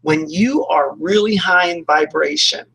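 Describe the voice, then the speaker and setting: Husky man doing a casual self-help pep talk, loose and rambly, like a radio host. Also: on the high side, a little slow, pushed and bright, rough recording. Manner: chatty, acts out quoted reactions, many fillers.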